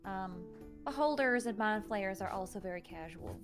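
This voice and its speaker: A woman's voice: medium pitch, expressive, normal speed, music in the background. A woman playing a tabletop game, talking casually with hesitant fillers. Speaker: player. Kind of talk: casual in-character play.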